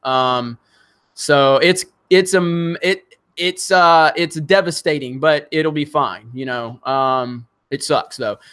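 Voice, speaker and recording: Hosting a casual live stream, a man with a slightly high, fairly bright, clear and resonant voice reads viewer comments aloud at an unhurried pace. His talk rambles with frustration, restarts and fillers, and he swears once he gets worked up.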